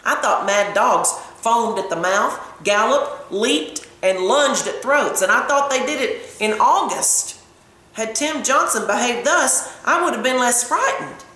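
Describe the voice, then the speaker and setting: A woman reading a novel aloud with expressive storytelling. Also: on the high side, measured pace. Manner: expressive storytelling, hushing for tense moments. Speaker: audiobook reader. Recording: very echoey room.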